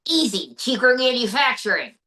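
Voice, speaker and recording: A woman's voice: fairly high pitch, big pitch swings, moderate pace, bright, forceful tone, distant mic. Woman doing a smug boastful male president. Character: blustering boastful male president, crude jokes.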